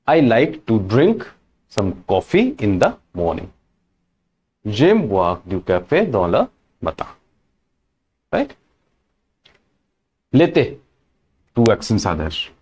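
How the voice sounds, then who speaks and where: Slow, lively-voiced male French teacher. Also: lowish voice, slightly rough. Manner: repeats each example several times, checks with "right?" and "correct?". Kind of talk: slow, repetitive language lesson.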